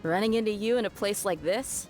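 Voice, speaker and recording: An actress playing an easygoing, friendly female mercenary who talks in a calm, unhurried way. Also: medium pitch, soft background music, close to an everyday voice.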